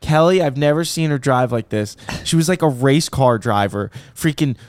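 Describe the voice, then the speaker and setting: A man hosting a casual podcast chat, telling a story with lively quoted voices. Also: medium pitch, normal speed, dry recording. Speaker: podcast host.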